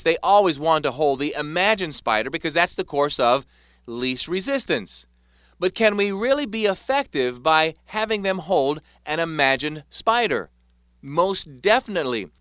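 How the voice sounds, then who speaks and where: A man reading a self-help text aloud as scripted narration, measured and emphatic. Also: on the high side, fairly bright tone, smooth, no echo, clean studio sound. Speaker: author narrating his self-help book.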